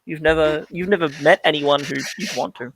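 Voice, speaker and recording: A man narrating as dungeon master in a rambling way, often pausing to search for words with lots of fillers. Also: on the high side, steady tone, crowd noise. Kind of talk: narrating a tabletop game.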